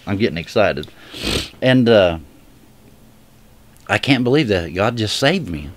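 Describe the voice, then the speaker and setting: A man giving an emotional personal religious testimony straight to viewers. He speaks earnestly and haltingly, often restarting his sentences. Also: on the low side, very animated. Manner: earnest direct appeal to viewers. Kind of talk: heartfelt personal testimony to camera.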